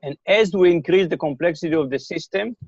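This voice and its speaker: An older man answers interview questions with slightly raised pitch, pausing to repeat words and check that he is followed. His voice comes over a remote call that sounds dry and a little dull. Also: darkish tone, slightly rough, dry recording. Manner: thoughtful, repeats words, checks in with "okay?" and "right?". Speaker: interviewee, computer scientist.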